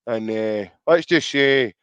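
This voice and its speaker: A man's voice: medium pitch, slow pace, a bit bright, smooth, no room sound, muffled recording. A man with a Scottish accent hosting a podcast in casual chat, reading out viewer comments and calling his co-host mate. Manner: chatty, calls co-host mate.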